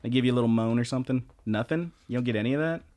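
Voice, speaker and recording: A man's voice: mid-range voice, rapid-fire, mellow. Male podcast co-host, loose and rambling, swears freely, mid-range voice. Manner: rambling, profane, lots of fillers and restarts. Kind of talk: casual chat recapping anime.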